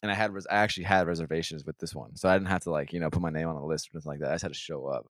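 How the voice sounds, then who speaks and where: A man's voice: very deep voice, steady tone, racing, a bit bright, dry recording, studio quality. A man hosting a podcast, telling a rambling, profane story in casual chat. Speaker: podcast host.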